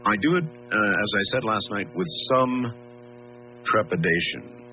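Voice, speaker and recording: A man's voice: on the low side, measured pace, soft background music. A man hosting a late-night radio talk show, rambling and hesitant with many fillers, heard through a muffled lo-fi broadcast recording.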